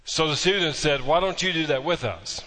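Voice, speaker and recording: A man's voice: fairly high pitch, expressive, normal speed, bright, forceful tone. A male pastor delivers a sermon. He tells a story with a dry, folksy humor and drives his points home with emphatic repetition. His voice carries a long reverb from a large sanctuary.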